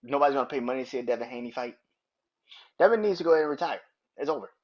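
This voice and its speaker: A man's voice: medium pitch, rapid-fire. A man hosting a solo sports podcast, ranting in a heated, profane, emphatic way. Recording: dull lo-fi recording.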